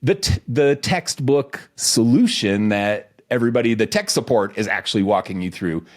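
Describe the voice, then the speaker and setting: A man co-hosting a podcast, talking casually and energetically in quick bursts with restarts. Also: medium pitch, expressive. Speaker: podcast co-host.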